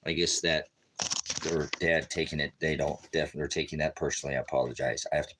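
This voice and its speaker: A man's voice: rumbling low, fairly even intonation, fast talker, background noise. A man preaching casually on a live stream from home, rambling, joking and talking to his dogs.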